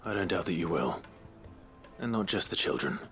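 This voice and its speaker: An actor voicing an earnest, calm male hero in a video game. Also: low-pitched, moderate pace. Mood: sincere. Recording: distant, game music behind.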